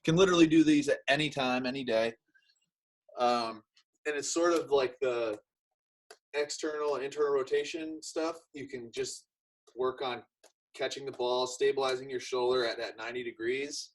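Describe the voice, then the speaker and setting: Relaxed man explaining training drills. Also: medium pitch, normal speed, a little hiss or hum, low-quality recording. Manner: relaxed, explains with everyday examples, many fillers. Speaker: athletic trainer demonstrating drills. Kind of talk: casual instructional chat.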